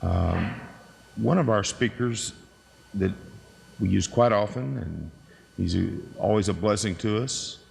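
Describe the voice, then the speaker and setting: A man on the school staff introduces the guest speaker, pausing and filling gaps as he goes. His low, gravelly voice carries a long hall reverb. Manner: halting, with many fillers. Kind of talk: ceremony introduction. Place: ceremony hall.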